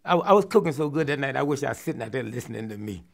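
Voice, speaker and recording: An older man, a comedian, telling a story from his career in an interview, acting out the people in it and dropping to hushed near-whispers. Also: medium pitch, very fast, vocal fry. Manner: animated storyteller, acts out quotes, drops to hushed near-whispers.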